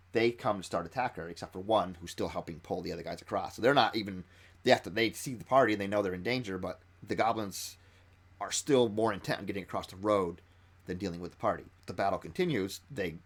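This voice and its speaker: A man who ran a tabletop game explains how he built an encounter, retelling it in an excited, stop-and-start way. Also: sits low, husky. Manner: excited storytelling with frequent restarts. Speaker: game master.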